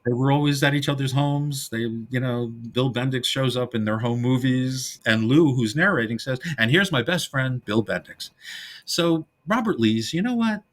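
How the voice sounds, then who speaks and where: In a casual film talk, a middle-aged co-host with a mid-range voice speaks at normal speed with few pauses. He's a lively storyteller, recounting classic comedy scenes and delivering the lines in character.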